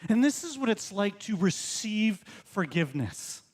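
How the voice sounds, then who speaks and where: A man's voice: high voice, big pitch swings, a little slow, slightly rough, in a large hall. A male pastor preaching a sermon in a conversational way, full of rhetorical questions. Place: church sanctuary.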